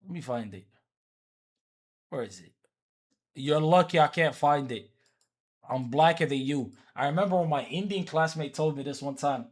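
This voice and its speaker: A man's voice: a little high, moderate pace, pauses often. A man from Africa chatting casually on a livestream, teasing people and repeating himself as he talks back to his chat.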